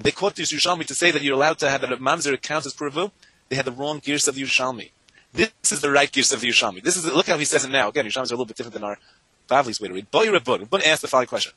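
A man teaching a Talmud class to students, animated and talking in rapid bursts, chanting the Hebrew and Aramaic texts in a sing-song lilt. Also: mid-range voice, breathy edge, dry recording, rough recording.

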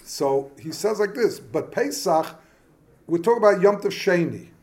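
A man's voice: sits high, animated, normal speed, noisy background. A man teaching an informal Talmud class who halts, repeats words and keeps asking rhetorical questions. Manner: mixes Yiddish-Hebrew study terms into speech.

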